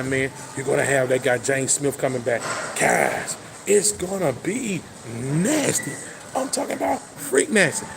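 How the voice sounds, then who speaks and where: A man hosting his own football talk show, full of boastful hype and playful trash talk. His voice sits a little high, and a faint hum of ambience runs underneath. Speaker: sports talk host. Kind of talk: casual sports chat.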